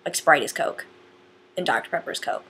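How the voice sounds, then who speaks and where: A woman's voice: sits low, expressive, fairly quick, creaky, pushed and bright, a little hiss or hum. A teenage girl from northern Indiana chatting to camera in a rambling, casual way with lots of fillers. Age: teens. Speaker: vlogger.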